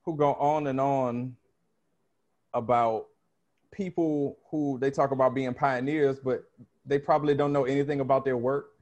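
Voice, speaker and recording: A man's voice: mid-range voice, steady tone, normal speed, darkish tone, muffled recording. A man hosting a podcast, chatting casually and rambling with restarts. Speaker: podcast host. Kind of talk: casual chat.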